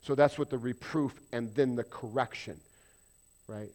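A pastor addresses his congregation in an emphatic sermon at normal speed, his voice mid-range. He questions the listeners and alternates between strong emphasis and quiet asides.

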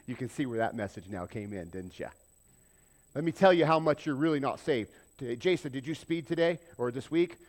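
A man's voice: medium pitch, lively intonation, moderate pace, a little mellow. A man preaching a sermon, acting out people's prayers and joking with the congregation. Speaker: pastor.

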